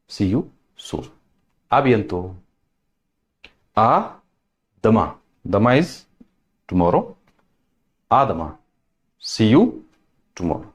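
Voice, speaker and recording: A male language teacher with a fairly low voice that still swings widely in pitch as he stresses each word. He moves slowly and patiently, repeating every greeting before explaining it. His delivery is that of a teacher drilling new vocabulary. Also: sing-song, darkish tone. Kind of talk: French lesson, repeating words.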